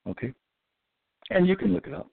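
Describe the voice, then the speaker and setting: Slow, gravelly man on a phone line. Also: high-pitched, lively intonation, dry recording. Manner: halting, with many fillers and restarts; emphatic, drawn-out scripture quoting. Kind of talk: religious teaching talk. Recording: tinny phone-line audio, dry.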